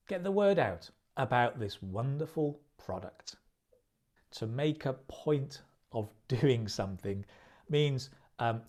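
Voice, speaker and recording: A man teaching English idioms in a recorded video lesson, speaking slowly and clearly and repeating phrases for practice. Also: medium pitch, a little mellow.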